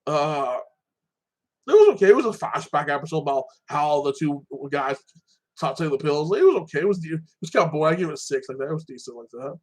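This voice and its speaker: A man with a fairly high-pitched voice recaps the latest episodes of his shows. He talks loosely and rambles, leaning on filler phrases as he goes. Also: fast talker. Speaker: TV and anime reviewer.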